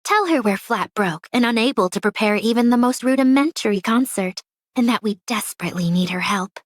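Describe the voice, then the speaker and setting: A scheming young ex-idol speaks in a cool, mocking tone, weighing every angle. Her voice sits a bit high and is recorded dry and close. She sounds calculating and sure of herself. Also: animated, a little fast, no room sound. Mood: cynical.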